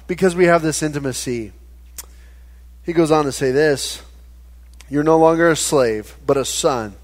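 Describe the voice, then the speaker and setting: Male pastor, 30s, lightly high voice, animated conversational sermon. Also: moderate pace, long pauses. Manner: conversational, animated preaching with stammered restarts.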